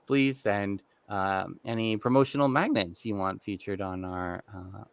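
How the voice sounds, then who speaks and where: A man's voice: fairly low pitch, unhurried, vocal fry. A man co-hosting a podcast in casual chat, rambling with lots of fillers. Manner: rambling, restarts with many fillers. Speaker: podcast co-host.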